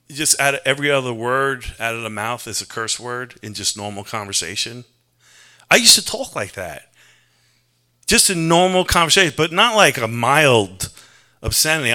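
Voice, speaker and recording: A man's voice: mid-range voice, bright, forceful tone. A man from New preaching an earnest, conversational sermon, mixing scripture with personal confession. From New York. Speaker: pastor.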